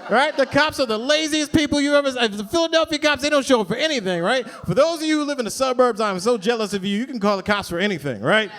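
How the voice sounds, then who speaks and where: A man's voice: very high voice, fast talker, few pauses. A man doing a stand-up comedy set in a club, telling a story and acting out the people in it. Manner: animated storytelling with acted-out voices. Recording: live crowd laughter.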